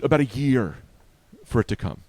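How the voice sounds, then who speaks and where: A comedian on a podcast, telling a story in casual chat and acting out the other people in it. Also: male voice, mid-range voice, big pitch swings, normal speed, darkish tone. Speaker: comedian guest.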